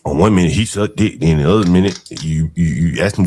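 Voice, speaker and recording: A man's voice: sits low, a little fast, few pauses, warm tone, slightly rough. A man giving live stream commentary, mocking and incredulous as he reacts to clips.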